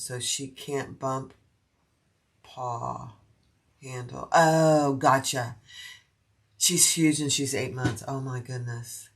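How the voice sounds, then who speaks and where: A woman's voice: very deep voice, steady tone, slow pace, long pauses. A middle-aged woman chatting casually on a sewing livestream, answering viewer comments as she works.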